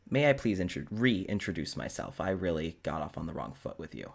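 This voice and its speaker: Man voicing a quiet, anxious bartender, halting and soft. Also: low-pitched, creaky, husky, pitched below the performer's own voice, exaggerated voice. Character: awkward, earnest male bartender, quiet and anxious.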